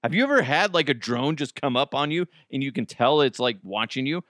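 A man from the United States hosting a casual news commentary podcast, animated and swearing freely, laughing often. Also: medium pitch, a little fast, dry recording, clean studio sound. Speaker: podcast host.

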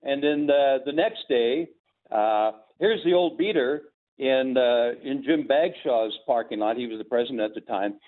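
A man's voice: medium pitch, moderate pace. An older man, a former sportscaster, telling rambling stories in casual chat, chuckling and quoting dialogue as he goes. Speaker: podcast guest, former sportscaster. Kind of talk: casual storytelling. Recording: tinny phone-like line.

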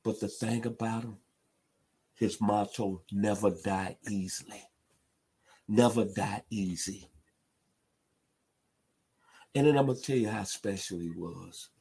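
A man's voice: on the low side, unhurried, vocal fry, pauses often, a little mellow, breathy edge. A man from Memphis, giving an emphatic sports commentary monologue. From Memphis, Tennessee. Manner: emphatic, builds to impassioned outbursts.

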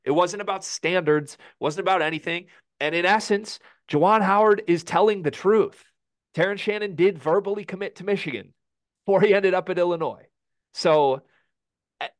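A man co-hosting a college basketball podcast, explaining quickly and then ranting heatedly, his voice climbing high when he gets angry. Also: fairly bright tone, no echo. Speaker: podcast co-host.

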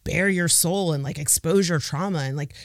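A woman's voice: sits low, normal speed, no room sound, studio quality. A woman hosting an advice podcast, talking casually and acting out little quotes as she makes her points. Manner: animated, quotes people in acted voices. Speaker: podcast host.

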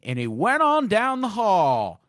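Lively, joking male podcast co-host. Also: high-pitched, measured pace, no echo, studio quality. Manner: profane, joking tangents while reading a case. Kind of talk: casual true-crime storytelling.

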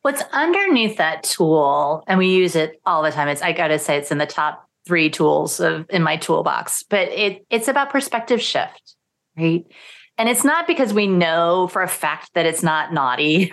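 Lively low-voiced middle-aged woman. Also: normal speed. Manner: animated, acts out quoted thoughts in lively voices. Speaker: parenting coach, guest. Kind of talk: podcast interview conversation.

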